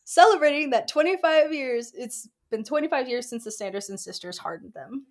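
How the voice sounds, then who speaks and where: A woman's voice: sits high, lively intonation, brisk. A woman co-hosting a podcast, recapping a book in casual chat with dry quips and frequent laughter. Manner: giggly, recaps with laughing asides. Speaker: podcast co-host.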